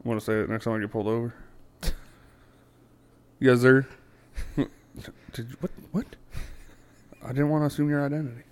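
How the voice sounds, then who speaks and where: A man, co-hosting a casual podcast, rowdy and profane, breaking into loud joking voices. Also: mid-range voice, moderate pace, long pauses, smooth. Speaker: podcast co-host. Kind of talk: casual chat.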